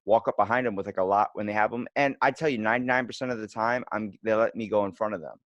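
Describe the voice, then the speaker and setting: A man's voice: lowish voice, fast, fairly bright tone, no echo, dull audio. A man talking as a stand-up comedian guest on a podcast, earnest, rambling and profane. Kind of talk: casual chat.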